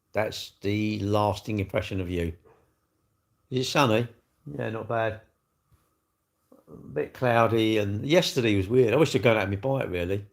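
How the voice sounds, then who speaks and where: An older man from chats casually on a livestream, reading out viewers' questions and answering them bluntly with a joke. His voice sits on the low side and carries a gravelly rasp. He talks in a plain, matey way, seated. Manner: chatty, blunt, jokey, answers viewers' comments aloud. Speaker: livestream host. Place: indoors, seated.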